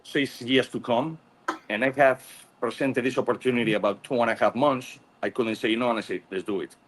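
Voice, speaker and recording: A man being interviewed about his business, speaking haltingly with many pauses and "uh"s. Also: medium pitch, fairly even intonation. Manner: halting, searching for words with many "uh"s. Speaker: cigar lounge owner, guest. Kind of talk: casual interview.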